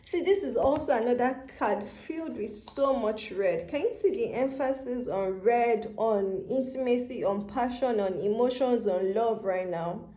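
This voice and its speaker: A woman tarot reader gives a channeled reading, speaking tenderly and emotionally to the listener, calling them baby and love, tearful and near crying. Her mellow voice has a fairly high pitch and a little slow pace with few pauses, recorded on a handheld phone camera with a roomy sound.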